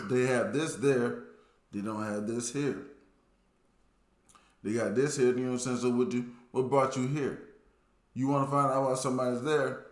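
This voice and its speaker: A man's voice: mid-range voice, steady tone, moderate pace, pauses often. Brief: male host, casual reaction talk, rambling slang, roomy echo. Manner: rambling, filler-heavy slang.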